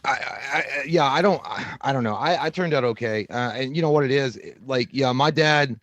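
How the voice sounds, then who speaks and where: A man co-hosting a podcast, telling animated, profanity-laced stories in casual chat. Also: mid-range voice, normal speed, no echo. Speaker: podcast co-host.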